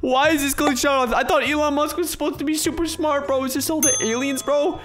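A young gaming YouTuber with a high voice commentates his role-play in a panicky, excitable rush, a little fast. He shouts often and peppers everything with "bro" and "dude".

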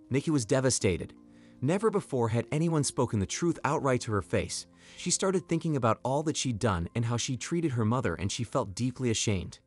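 A man narrating a scripted drama story in an expressive, even-paced reading. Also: medium pitch, a little fast, breathy edge, soft background music.

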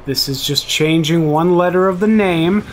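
Young guy, slightly high voice, goofy let's-play banter. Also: moderate pace, slight background noise. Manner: joking, goofy, trails off into laughter. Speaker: co-host. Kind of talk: casual gaming commentary.

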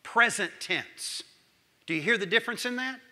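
A man, preaching a sermon as pastor, swinging between loud calls and hushed lines. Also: high voice, expressive, moderate pace.

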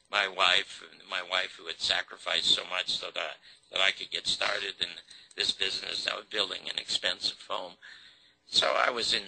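A man's voice: fairly low pitch, bright, forceful tone, rough recording. An older man, a TV host and producer, tells a long story in an interview, acting out the quoted dialogue with feeling.

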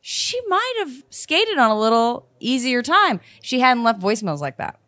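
A woman co-hosting a casual true crime podcast. Her voice swoops lively up and down as she talks bluntly and swears freely. Close, dry sound with no room echo. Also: fairly high pitch, normal speed. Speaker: podcast co-host.

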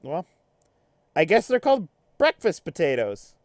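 A man's voice: on the high side, unhurried, no room sound, studio quality. A man hosting a let's play, chatting casually and reacting to viewers while he plays. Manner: animated, chatty, reacts to chat. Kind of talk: casual gameplay commentary.

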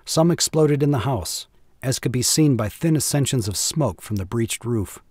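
A man reading a classic war story aloud at a measured, even pace. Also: medium pitch, husky, no room sound, studio quality. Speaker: audiobook narrator.

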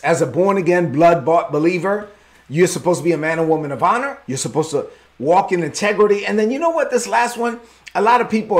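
A man pastor preaching a sermon in a lively, conversational way with bits of slang. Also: fairly high pitch.

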